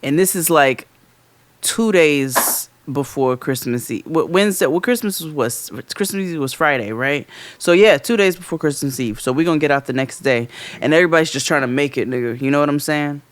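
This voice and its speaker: A man co-hosting a casual podcast, his voice sitting a little high for a man. He tells stories in an animated, profane way, acting out the quotes loudly, and the sound is close and dry with little room. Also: a little fast, no echo. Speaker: podcast co-host. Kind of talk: casual storytelling chat.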